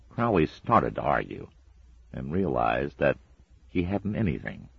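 A man narrating a storybook in a measured, dry and expressive way. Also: extremely low pitch, gravelly, slightly rough, no room sound, dull audio. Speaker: audiobook narrator.

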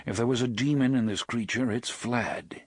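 A man reading aloud, voicing a weary older gunslinger in a low, clipped, distant mutter. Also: fairly even intonation, normal speed, husky, no room sound, clean studio sound, natural voice. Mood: grim. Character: weary, grim older gunslinger, terse and stoic. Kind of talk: audiobook character voice.

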